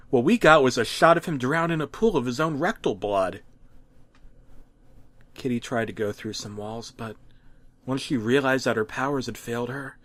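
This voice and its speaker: A man narrating a mock-serious horror story with a dramatic, deadpan delivery and occasional restarts. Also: on the high side, no echo. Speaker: creepypasta narrator.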